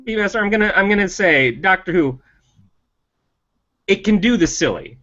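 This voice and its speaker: A man co-hosting a casual podcast about TV, voicing strong opinions with emphatic rising pitch. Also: animated, normal speed, fairly bright tone. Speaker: podcast co-host. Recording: dull lo-fi sound.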